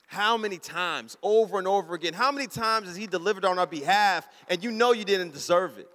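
A man preaching a storytelling sermon, acting out his own thoughts and his wife's replies in a lively, casual way. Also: high-pitched, fairly quick, long reverb tail. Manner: animated, acts out his own inner voice and his wife's.

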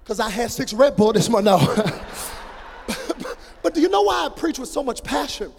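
A male preacher giving an animated sermon, moving between hushed storytelling and shouted, drawn-out phrases. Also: extremely high pitch, creaky, a little hiss or hum. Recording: long reverb of a large hall.

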